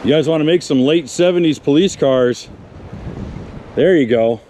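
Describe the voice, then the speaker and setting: A slightly high, mellow man's voice at normal speed, with a bit of background noise. The speaker, a car magazine presenter, wanders a wooded salvage yard casually showing old cars, chatting with viewers and talking to the cars.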